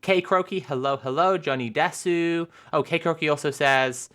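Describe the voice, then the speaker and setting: A woman streamer chatting casually with her viewers, animated and giggly, rambling with lots of filler sounds. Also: sits low, moderate pace. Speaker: live streamer.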